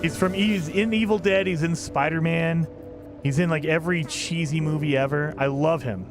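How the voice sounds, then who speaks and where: A man's voice: on the high side, fairly even intonation, normal speed, music in the background. A man streaming a video game, chatting casually and rambling with enthusiasm, often laughing at himself. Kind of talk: casual chat while gaming.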